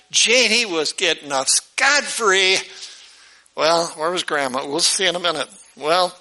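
Bright-voiced pastor telling a story. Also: male voice, high voice, rough recording. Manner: animated, acts out the characters' voices. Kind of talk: storytelling sermon.

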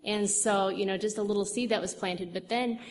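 A woman's voice: mid-range voice, fairly even intonation, a little fast. A young woman telling a church audience about her witnessing, chatty and rambling with many fillers and restarts. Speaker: church speaker. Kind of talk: testimony talk. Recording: long hall reverb, faint noise.

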